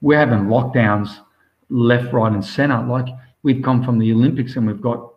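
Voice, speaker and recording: A man's voice: mid-range voice, fairly even intonation, normal speed, dull audio. An Australian man, a swimmer being interviewed, chatting casually and enthusiastically in long rambling stretches. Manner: enthusiastic, rambling, says "mate" constantly.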